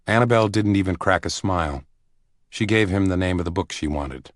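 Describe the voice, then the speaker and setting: Low-voiced male narrator reading a thriller, steady pace, dry studio sound. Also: brisk, dry recording. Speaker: audiobook narrator. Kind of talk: scripted audiobook narration.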